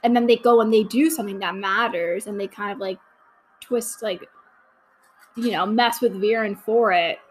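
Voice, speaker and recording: A woman's voice: mid-range voice, moderate pace, a little hiss or hum, rough recording. A young woman hosting a podcast, chatting casually through a watch-along commentary, gushing and full of fillers. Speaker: podcast host.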